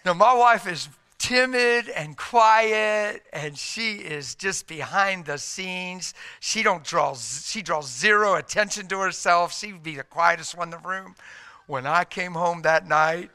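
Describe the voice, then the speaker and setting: Man preaching a sermon, with a high, bright voice and animated, humorous storytelling. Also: unhurried, clean tone.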